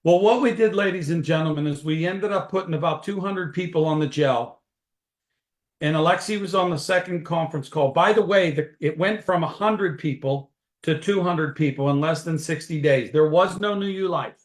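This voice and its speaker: Folksy, upbeat man with a fairly high voice, webinar storyteller in an echoey room. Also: normal speed. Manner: energetic, folksy, animated storyteller. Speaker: network marketing distributor leading a webinar.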